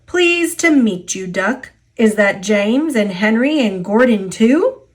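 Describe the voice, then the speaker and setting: A woman's voice: fairly high pitch, lively intonation, takes it slowly. A woman with an American accent voicing a smug, oily-voiced male diesel engine in a storybook reading. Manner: smooth purring, conceited.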